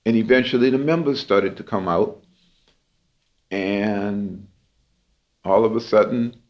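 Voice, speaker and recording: Brief: New jazz man, lowish voice, easygoing anecdotes, muffled lo-fi podcast sound. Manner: relaxed, reflective anecdotal telling with fillers. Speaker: jazz clarinetist and historian, interview guest. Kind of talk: storytelling in an interview.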